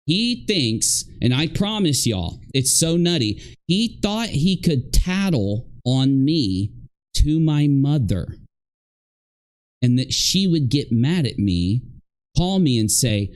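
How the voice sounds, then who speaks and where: A man's voice: medium pitch, big pitch swings, slow pace. Indignant rambling male streamer. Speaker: streamer in a played clip. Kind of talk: casual livestream talk.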